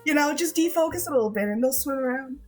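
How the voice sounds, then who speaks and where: A woman's voice: high voice, lively intonation, fast, soft background music. A woman streamer chatting casually with her chat, laughing often.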